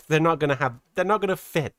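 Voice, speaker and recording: A man's voice: on the high side, a little fast, fairly bright tone, no echo, studio quality. A man casually commenting on a livestream, chatty and rambling, laughing often and poking fun at himself at a desk microphone. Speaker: streamer and host.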